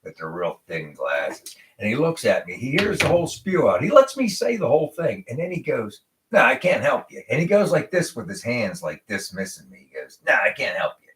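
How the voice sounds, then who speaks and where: An American man hosting a casual live show, telling a story with animated asides and acted-out quotes. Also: mid-range voice, fairly quick. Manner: animated storyteller, acts out voices of people in his story. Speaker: podcast host.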